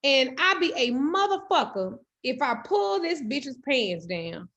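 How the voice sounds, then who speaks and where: A woman telling a comedic story in animated, loud, profane style. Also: high-pitched, a little slow. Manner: animated, loud, cursing freely. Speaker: host.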